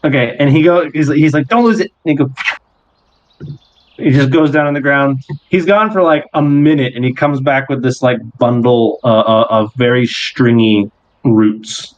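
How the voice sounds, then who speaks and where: A man in a middle register runs a tabletop game and narrates scenes in a loose, animated, rambling way. His voice comes through a dull, lo-fi recording. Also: mid-range voice, normal speed. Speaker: game master.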